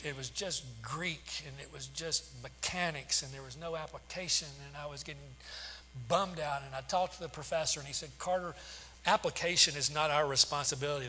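A man's voice: a little high, pushed and bright. A man in his sixties preaching a sermon, telling stories with frequent restarts and fillers. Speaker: pastor. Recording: long hall reverb, faint hum.

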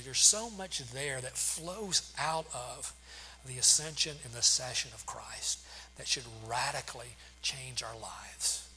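In a hall with long reverb and a faint hum, a sixty-something pastor delivers a sermon of stories, often restarting and using fillers. He speaks in a bright, forceful, mid-range voice.

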